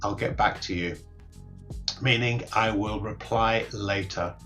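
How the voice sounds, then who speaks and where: A man teaching workplace English, explaining each phrase clearly and repeating the examples slowly. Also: on the low side, steady tone, a bit bright, soft background music. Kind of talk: recorded English lesson.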